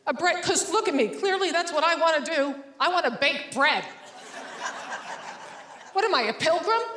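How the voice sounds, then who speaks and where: A woman doing a stand-up comedy set on stage, sarcastic, acting out quick bits of dialogue in front of a laughing audience. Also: extremely high pitch, expressive, bright, forceful tone, echoey room, a little hiss or hum.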